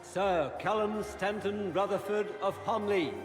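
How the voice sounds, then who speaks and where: Pompous court herald, video game, high declaiming voice, echoey hall, loud music. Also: male voice, measured pace. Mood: grand. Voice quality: formal, declaiming. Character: pompous male court herald announcing guests.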